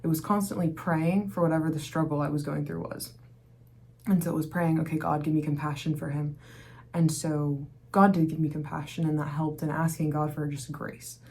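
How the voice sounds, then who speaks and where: A woman's voice: sits low, fairly even intonation, moderate pace, dark tone, husky. A young woman who is a mother, speaking candidly and rambling in a casual faith-based vlog, with lots of fillers. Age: young adult. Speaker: mom vlogger.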